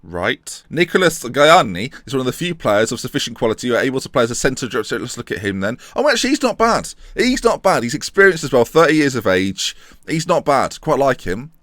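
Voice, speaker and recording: A man's voice: medium pitch, sing-song, fairly quick, a bit bright, no echo, studio quality. A man giving casual, jokey commentary on a video game, reading the game's text aloud and muttering asides. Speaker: gaming YouTuber. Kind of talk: casual let's-play commentary.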